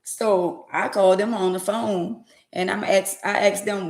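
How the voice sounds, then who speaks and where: A woman casually telling viewers a story, lively with preachy asides in dialect speech. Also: mid-range voice, measured pace, roomy sound.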